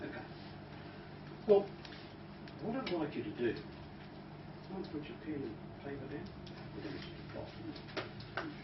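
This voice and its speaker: A calm man running a hypnosis training demonstration, talking softly and sometimes dropping to a hush. He sounds distant from the microphone in an echoey room. The recording is dull and noisy. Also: fairly high pitch, normal speed, long pauses. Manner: calm, soft-spoken, drops to a hush when guiding breathing.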